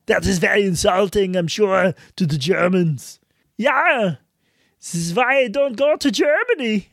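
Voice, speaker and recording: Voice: medium pitch, lively intonation, unhurried, vocal fry, no room sound. A podcast co-host making dry, jokey asides and teasing in casual banter.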